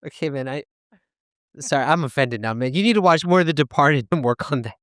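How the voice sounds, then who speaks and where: Male co-host, joking, smooth clear voice, dry close mic. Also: a little high, animated, fairly quick, a bit bright, no room sound. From Boston, USA. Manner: playful, joking. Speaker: podcast co-host. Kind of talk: casual podcast chat.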